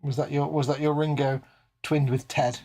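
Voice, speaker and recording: A man's voice: fairly high pitch, flat delivery, normal speed, mellow. A man co-hosting a casual livestream, making dry, teasing quips. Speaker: co-host of a modelling livestream. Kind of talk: casual chat.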